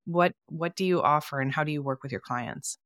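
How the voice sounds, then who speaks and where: A woman's voice: low voice, a little fast, fairly bright tone, no echo, clean studio sound. A woman hosting a podcast interview, giving short affirmations and asking plain questions. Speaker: podcast host. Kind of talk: interview host.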